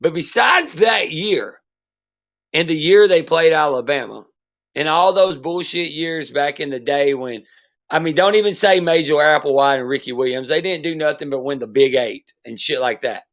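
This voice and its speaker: A man's voice: a little high, expressive, normal speed, fairly bright tone. A man hosting a podcast, giving a blunt, profane sports rant in casual talk. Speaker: podcast host. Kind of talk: casual ranting monologue. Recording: dull lo-fi sound.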